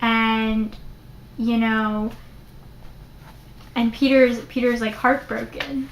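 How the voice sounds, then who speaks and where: A young adult woman casually reviewing a book in a chatty vlog, animated and full of "like" fillers. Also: on the high side, slow, slight background noise. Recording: roomy echo.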